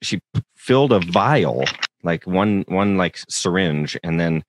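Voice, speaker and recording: A man chatting casually as a podcast co-host, animated and laughing, his voice jumping up when he is exasperated. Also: low voice, a little slow, background noise. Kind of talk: casual chat.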